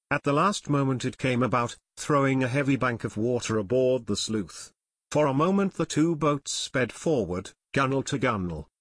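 A man narrating an adventure audiobook in a steady, measured storytelling manner. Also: medium pitch, no room sound, studio quality. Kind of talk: scripted narration.

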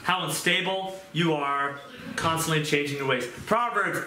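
A man preaching a sermon to a small group in an earnest, conversational way, with quick asides and questions to his listeners. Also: on the high side, pushed and bright. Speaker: pastor. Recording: echoey room with background noise.

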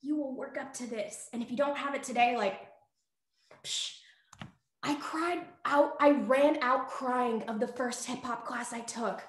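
A young woman dance instructor leads a virtual workshop over a video call, chatty and upbeat, breathless and full of fillers. Her voice is high and her pace measured, and the room sounds echoey.

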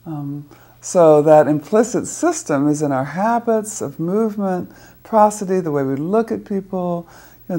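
An older woman therapist explaining ideas in an interview, thoughtful and measured, often restarting her phrases. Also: low voice, mellow. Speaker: psychotherapist.

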